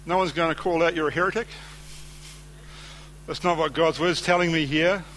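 A man's voice: a little high, fairly even intonation, fairly quick, fairly bright tone, a little hiss or hum. A man preaching a sermon, reading scripture aloud and speaking conversationally, often putting questions to his listeners.

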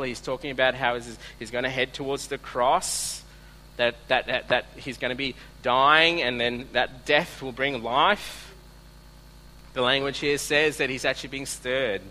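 A man preaching a sermon as a pastor, earnest, moving between soft asides and emphatic points while reading scripture aloud. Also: mid-range voice, slight background noise, poor audio.

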